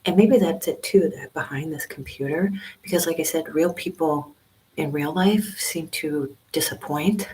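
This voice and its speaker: A woman over fifty talks in a hushed whisper on a casual livestream, rambling and chatty. Her low voice stays soft because she is speaking from a small library study room with people on either side. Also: normal speed, poor audio. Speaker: vlogger doing a livestream.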